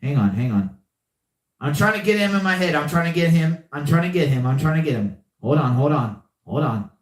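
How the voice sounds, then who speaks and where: A man's voice: on the high side, animated, fairly quick, reverberant. A young man hosting a live podcast, chatting casually and often repeating himself. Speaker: podcast host. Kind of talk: casual live-stream chat.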